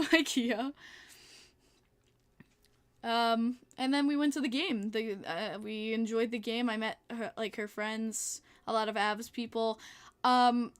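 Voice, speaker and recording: A young woman from New York hosting a podcast, chatting casually, laughing often and answering her chat. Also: on the high side. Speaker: podcast host.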